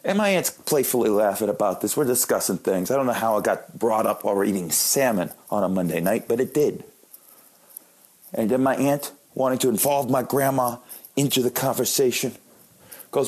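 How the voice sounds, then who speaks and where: A man in his late thirties tells comic stories about his life, joking at his own expense. His voice is husky and a bit breathy, at an ordinary male pitch. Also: moderate pace. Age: late 30s. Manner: joking, self-deprecating. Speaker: comedian. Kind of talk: comic storytelling monologue.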